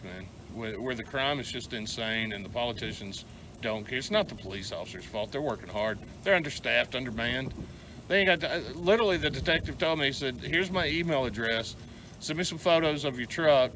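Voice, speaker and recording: A man's voice: mid-range voice, expressive, brisk, fairly bright tone, a little hiss or hum. A middle-aged man with a Southern American accent, ranting angrily to camera, rambling and stumbling over repeated words. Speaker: vlogger. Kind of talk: angry venting rant to camera.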